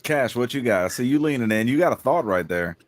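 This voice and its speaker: A man's voice: mid-range voice, lively intonation, fast, dry recording. A man with a New Orleans accent, co-hosting a casual podcast chat with blunt, teasing, profane banter. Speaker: podcast co-host.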